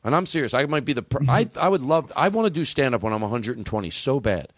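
A middle-aged man running his comedy podcast in loose, profane banter. He rambles and restarts his sentences, and his pitch jumps around a lot. The studio sound is dry and close. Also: lively intonation, quick pace, no echo. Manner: rambling, self-interrupting, jokey and profane. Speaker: podcast host. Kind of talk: casual comedic chat.

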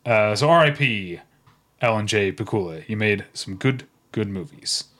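A man's voice: on the low side, animated, moderate pace, a bit bright. Chatty man co-hosting a podcast. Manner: chatty, rambling with fillers, breaks into brief off-key singing. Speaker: podcast co-host. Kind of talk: casual chat.

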